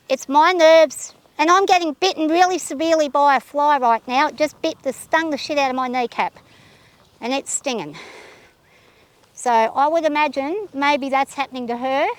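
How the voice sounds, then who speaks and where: A woman riding a horse outdoors, talking her nerves out loud and soothing her mount in a casual vlog. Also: sits high, dry recording. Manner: anxious, thinking aloud, soothing her horse. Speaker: horse rider vlogger. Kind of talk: casual narration while riding. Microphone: camera held by a companion.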